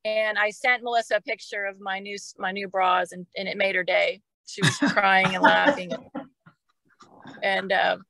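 A woman's voice: medium pitch, level tone, moderate pace, vocal fry, sharp tone, dry recording, poor audio. A middle-aged woman, a podcast guest, telling a personal story in a casual, emotional way and often repeating words. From Oklahoma.

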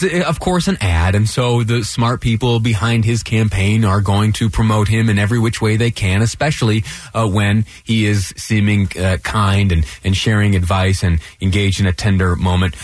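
A man hosting a radio talk show, speaking in a halting way with restarts and slight stammers. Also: lowish voice, dry recording.

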